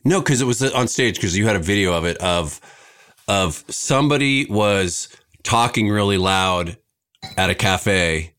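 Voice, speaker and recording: A man's voice: fairly low pitch, animated, a little slow, fairly bright tone, clean tone. A man chatting as a podcast guest, telling a rambling story full of swearing and restarts. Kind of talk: casual chat.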